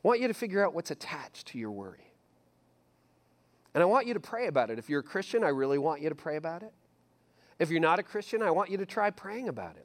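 A middle-aged man preaching a sermon as pastor, animated and repetitive, acting out his listeners' inner voices. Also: sits high, fast.

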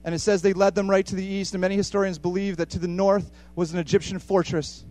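A man preaching a sermon with passion, repeating phrases for emphasis and swinging between hushed and loud. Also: sits high, little pitch movement, fast.

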